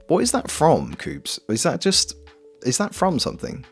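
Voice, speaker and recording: Lively, gravelly Welsh man knitting on stream. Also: a little high, normal speed. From Wales. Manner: rambling, jokey, swears freely. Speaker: streamer and voice actor. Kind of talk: casual chat while knitting on stream. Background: faint lo-fi music.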